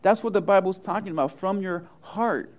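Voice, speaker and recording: A middle-aged male pastor preaching a sermon, telling funny personal stories and acting out the quotes with big swings in voice. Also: moderate pace. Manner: animated storyteller, acts out quotes with big swings of pitch and loudness.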